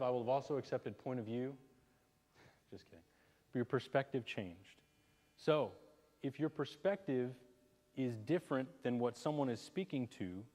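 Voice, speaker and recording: A man giving a lively, chatty networking talk and asking the audience questions. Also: mid-range voice. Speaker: networking presenter. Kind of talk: live presentation to a small audience. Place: chamber of commerce meeting room. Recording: long hall reverb.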